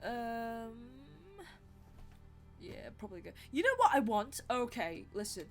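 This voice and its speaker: A woman's voice: a little high, sing-song, unhurried, fairly bright tone, soft background music. A young woman streaming live, chatting casually in a rambling, self-deprecating way.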